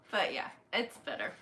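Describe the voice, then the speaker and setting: A woman co-hosting a casual livestream, joking and chiming in briefly. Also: sharp tone. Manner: playful, brief interjections. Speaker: co-host. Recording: roomy echo with faint noise.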